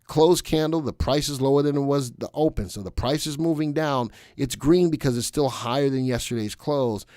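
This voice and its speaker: A middle-aged man runs a casual live stock stream in a relaxed, chatty way, walking through charts and answering viewers in the chat. His voice sits at an ordinary middle pitch. It sounds dry and close, with no room echo. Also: normal speed. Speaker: stock market analyst host.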